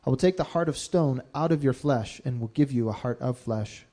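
A man reading Bible passages aloud in a steady, measured way during a sermon. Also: medium pitch. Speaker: scripture reader.

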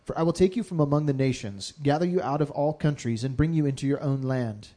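A man reading Bible passages aloud in a steady, measured way during a sermon. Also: mid-range voice. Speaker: scripture reader.

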